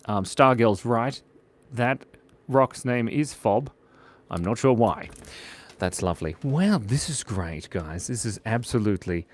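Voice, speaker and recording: A man's voice: mid-range voice, no room sound. A man hosting a live drawing stream, chatting playfully with viewers and reading out their comments. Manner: playful, chatty, reads out viewer comments, often drops to a mumble while drawing. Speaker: livestream drawing host.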